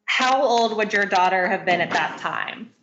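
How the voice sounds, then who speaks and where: Brisk woman prosecutor in echoey court. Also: medium pitch, a bit bright, a little hiss or hum. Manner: brisk, formal. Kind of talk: courtroom questioning. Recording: echoey muffled courtroom stream.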